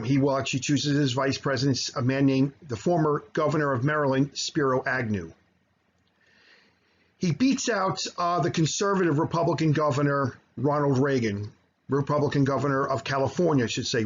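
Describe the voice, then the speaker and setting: A man teaching high school history over slides, explaining at length with frequent fillers and self-corrections. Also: slightly rough, highs cut off. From United States. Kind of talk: recorded slideshow lecture.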